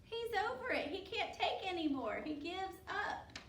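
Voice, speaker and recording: A woman's voice: very high voice, big pitch swings, normal speed, hardly any pauses, a bit bright, a little hiss or hum. A woman teacher reading a picture book to children, encouraging and asking pupils questions by name. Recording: roomy, distant mic.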